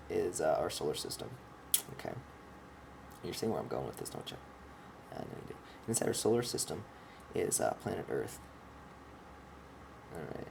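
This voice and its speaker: Lowish and darkish with vocal fry, this man's voice carries a rambling, impassioned, profane monologue as he points at a drawing to explain his ideas as a vlogger. He restarts sentences often, and there's a little hiss or hum.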